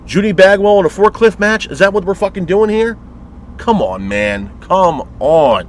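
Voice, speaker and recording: A man's voice: high voice, animated, normal speed, slight background noise. A man reviewing a wrestling show in a frustrated, profane rant, full of rhetorical questions and repeated complaints. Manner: profane, exasperated ranting. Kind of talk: ranting vlog review.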